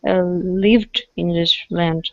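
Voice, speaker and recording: A woman's voice: lowish voice, fairly even intonation, takes it slowly, darkish tone, no echo, highs cut off. A woman whose native language is Russian, answering hesitantly in English as a student and searching for words.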